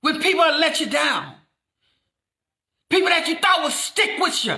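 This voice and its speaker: A woman preaching fervently, repeating lines and building up to shouts. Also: high voice, animated, measured pace, echoey room. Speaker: inspirational speaker. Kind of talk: impassioned preaching.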